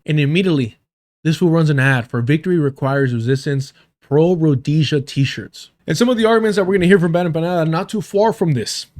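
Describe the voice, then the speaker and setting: A man commenting on a live stream in a heated, sarcastic and profane way. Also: on the high side. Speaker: streamer reacting to a debate.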